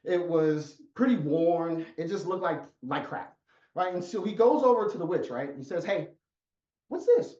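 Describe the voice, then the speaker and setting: A man's voice: fairly high pitch, lively intonation, normal speed, a little mellow. Emphatic male coach telling a story. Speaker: life coach. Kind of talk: motivational talk. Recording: echoey, muffled sound.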